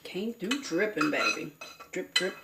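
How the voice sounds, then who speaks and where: Low, gravelly and unhurried, a talkative Southern US cooking vlogger chats casually to camera from her home kitchen and calls viewers honey and baby. The recording is very noisy, with cooking sounds and faint clattering of dishes and cutlery in a roomy kitchen.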